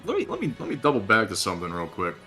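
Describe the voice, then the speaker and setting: American man, bright and teasing, casual banter. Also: on the low side, soft background music. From United States. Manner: animated, quick teasing. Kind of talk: casual chat.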